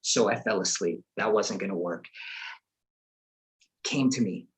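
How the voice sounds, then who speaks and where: A man tells a comic story from his own life. He is animated, jumping into his younger self's inner voice with lively asides. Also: on the low side, unhurried.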